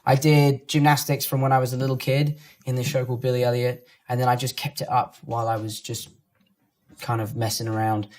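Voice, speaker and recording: Speaking in a London accent, a man from London reacts to fan comments about himself, chatting and cracking jokes. His mid-range voice is brisk and darkish in tone, with little pitch movement.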